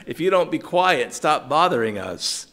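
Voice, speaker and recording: A man's voice: on the high side, sing-song, normal speed, a bit bright. A man voicing a band of raiders who brush off and threaten a victim in casual slang while retelling scripture. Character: menacing band of male raiders, brusque.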